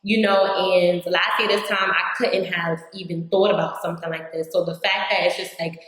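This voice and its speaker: A woman's voice: on the low side, steady tone, moderate pace, fairly bright tone. Chatty young woman in an echoey room. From New York. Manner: chatty, says "like" constantly, acts out her own past words. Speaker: vlogger. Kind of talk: casual life-update chat.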